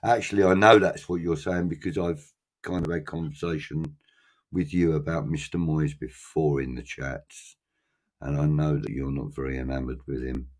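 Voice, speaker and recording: A man's voice: a bass voice, fairly even intonation, moderate pace. A man hosting a casual fan chat show, reading out viewer comments and talking things through with frequent ums. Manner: chatty, hesitant with many ums.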